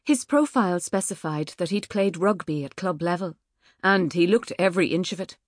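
A woman reading an audiobook in a measured, wry manner. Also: fairly low pitch, no room sound, clean studio sound. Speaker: audiobook narrator. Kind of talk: scripted narration. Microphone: studio microphone.

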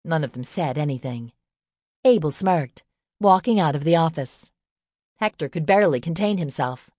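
This audiobook narrator, a woman whose voice sits low, tells a novel's story in a measured, steady way from a script. Clean studio sound, dry and free of room reflections, frames her reading.

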